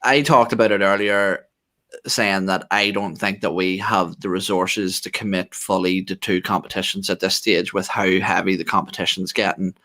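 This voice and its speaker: A man's voice: low-pitched, fairly even intonation, moderate pace, bright, forceful tone. A man hosting a football podcast, talking bluntly and casually, swearing and laughing often. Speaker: podcast host.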